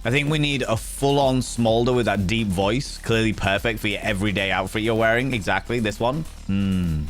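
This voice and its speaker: A man's voice: fairly low pitch, moderate pace, soft background music. A man chatting casually on a live stream in a flamboyant, theatrical, camp manner, reading out and thanking his chat.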